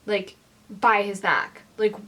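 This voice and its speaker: A young woman vlogger ranting angrily to camera, swearing often and filling pauses with "like". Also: medium pitch, heavy background noise. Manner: heated, swearing, lots of fillers. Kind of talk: angry rant to camera.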